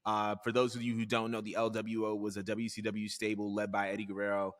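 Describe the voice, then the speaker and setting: A man's voice: lowish voice, monotone, fast talker, in a large hall. A man co-hosting a podcast in casual chat, steering the show and reading out the news items. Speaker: podcast co-host.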